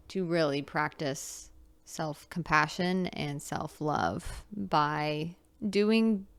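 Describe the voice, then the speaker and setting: A woman's voice: on the low side, clear, resonant tone. A young adult woman hosting her own podcast, talking candidly in a rambling, confessional brain-dump with frequent restarts. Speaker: podcast host. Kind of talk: candid solo podcast monologue.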